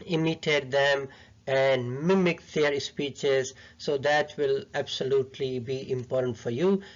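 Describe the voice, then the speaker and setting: A man's voice: medium pitch, fairly even intonation, measured pace. Non-native man teaching pronunciation, lo-fi. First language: not English. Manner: patient, repetitive coaching, non-native phrasing. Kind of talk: instructional lesson. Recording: dull lo-fi sound.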